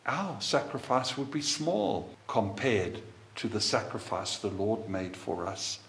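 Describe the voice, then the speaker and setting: A man preaching a sermon in a measured way, building his points through repeated phrases. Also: on the low side, gravelly, fairly bright tone, reverberant, slight background noise. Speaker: pastor.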